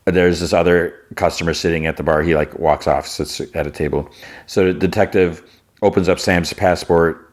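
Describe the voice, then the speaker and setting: A man's voice: low-pitched, fairly even intonation, normal speed. A man hosting a podcast, casually recapping an episode and thinking aloud as he retells the scenes. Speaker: podcast host.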